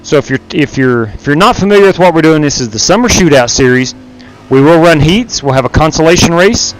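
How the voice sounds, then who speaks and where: A man's voice: on the high side, lively intonation, brisk. A man streaming a sim race live, chatting casually and greeting viewers by name as he drives. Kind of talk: live stream commentary while racing.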